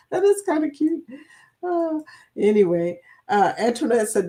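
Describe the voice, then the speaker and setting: A woman's voice: fairly high pitch, big pitch swings, unhurried, dark tone. A middle-aged woman from Kentucky hosting a livestream, chatting casually and reading out viewer comments, rambling and laughing often. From Kentucky, USA. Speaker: livestream host.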